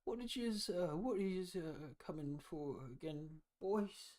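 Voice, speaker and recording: A man's voice: high-pitched, animated, a little slow, darkish tone, pitched above the performer's own voice. A man voicing a frail, doddering old man with cloudy eyes during a tabletop game. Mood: fussy. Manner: rambling, fussy, kindly then suspicious. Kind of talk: game master voicing a character.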